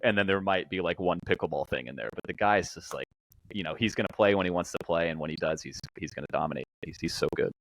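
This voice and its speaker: Deep-voiced upbeat man on a podcast. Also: fast talker, vocal fry, fairly bright tone, low-quality recording. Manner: enthusiastic, upbeat praise. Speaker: guest co-host, pro pickleball player. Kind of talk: casual podcast chat.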